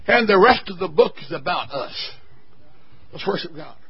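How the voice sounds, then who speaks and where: A male pastor preaching a sermon. He cries out and shouts at his climaxes and whoops, then drops to quiet joking asides. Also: sits high, lively intonation, normal speed, breathy edge, lo-fi sound.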